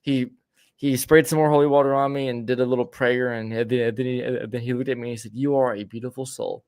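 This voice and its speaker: A man in casual podcast chat, trailing off and stammering through restarts as he tells a rambling story. His voice sits at an ordinary middle pitch. It is recorded dry and close, with no room sound around it. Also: little pitch movement, fairly quick, a little mellow, smooth, no echo. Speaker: podcast co-host.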